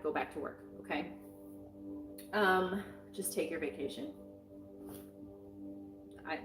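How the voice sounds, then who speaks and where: A middle-aged woman with a somewhat low voice gives a casual weekly tarot reading. She is frank and encouraging and rambles along with plenty of fillers. She is recorded at home in a roomy space, with faint music playing behind her. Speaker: tarot reader.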